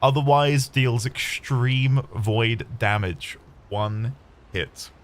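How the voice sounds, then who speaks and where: A man's voice: mid-range voice, extremely slow, a little hiss or hum. A man who streams games, talking casually and rambling through his play, swearing lightly now and then. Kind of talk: casual gameplay commentary. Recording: game music playing behind the voice. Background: game music.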